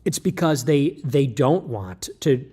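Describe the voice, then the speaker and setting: A man's voice: mid-range voice, lively intonation, takes it slowly, a little mellow, husky. A man delivering an emphatic, lecturing livestream monologue, loose and joking in tone. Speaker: livestream commentator.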